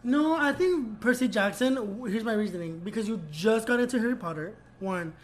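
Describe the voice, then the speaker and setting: A man's voice: high-pitched, a little fast. A young man co-hosting a casual podcast chat, blunt and complaining in a playful way, swearing freely. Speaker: podcast co-host.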